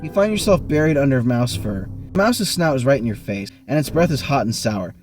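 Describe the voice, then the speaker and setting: A man hosting an online game, reading a choose-your-own-adventure book aloud with animated bursts of speed and sudden pitch jumps. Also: a little fast, faint music behind. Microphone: online voice call.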